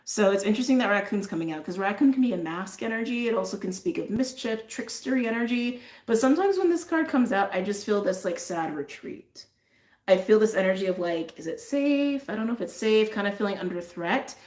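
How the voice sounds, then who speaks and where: A woman giving an intuitive tarot and astrology reading in a casual, effusive way, repeating phrases and trailing off into soft asides. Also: medium pitch, a little fast, roomy sound.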